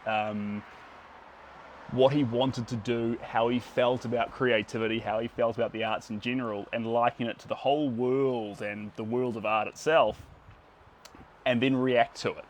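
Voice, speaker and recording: A man's voice: mid-range voice, slight background noise. Chatty New Zealand man painting live. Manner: chatty, greets viewers by name while painting. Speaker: livestream painter. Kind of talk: casual painting livestream chat.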